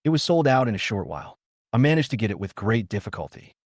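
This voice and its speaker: A man voicing a caring teenage schoolboy in a recap story, speaking a little higher and earnestly. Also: sing-song, quick pace, no room sound, studio quality. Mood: concerned. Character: young male student, caring friend.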